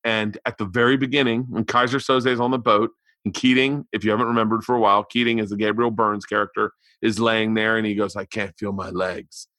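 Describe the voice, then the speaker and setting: Bright, profane comedian telling a story. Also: male voice, fairly low pitch, fast talker, hardly any pauses, no room sound. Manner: profane, animated, exasperated. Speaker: podcast host and comedian. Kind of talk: casual storytelling and ad read.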